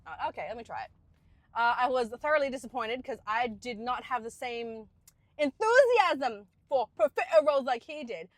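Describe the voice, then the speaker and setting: A woman's voice: a little high, a little hiss or hum. A woman with a mixed, partly Australian accent, chatting playfully to camera in a self-mocking way. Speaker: vlogger. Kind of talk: casual chat to camera.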